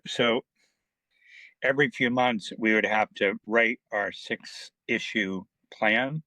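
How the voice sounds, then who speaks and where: Bright, animated middle-aged man. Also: fairly low pitch, slow, no room sound, poor audio. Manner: animated, acts out quoted dialogue, many fillers. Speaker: comic book writer, guest. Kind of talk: casual storytelling interview.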